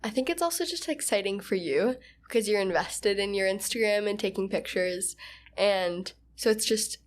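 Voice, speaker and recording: A woman's voice: medium pitch, moderate pace. Easygoing woman chatting on a podcast. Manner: easygoing, reflective, says "like" often. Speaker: podcast co-host. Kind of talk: casual chat.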